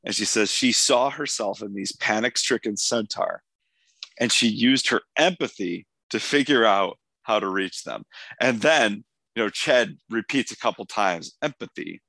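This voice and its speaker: Hoarse male host, eager and chatty, dry studio sound. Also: lowish voice, a little slow, bright, forceful tone, dry recording. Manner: enthusiastic, rambling with restarts. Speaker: podcast host. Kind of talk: casual episode discussion.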